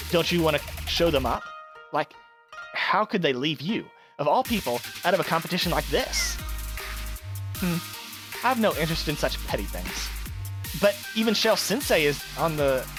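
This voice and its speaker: A woman's voice: deep voice, big pitch swings, moderate pace, long pauses. A woman playing a bratty hot-headed girl. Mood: scheming. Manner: whiny, brash, swearing. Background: music.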